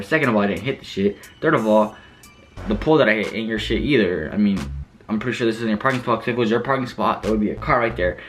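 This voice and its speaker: A young man casually telling a story on his vlog, animated and slangy, swearing freely. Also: lowish voice. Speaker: vlogger.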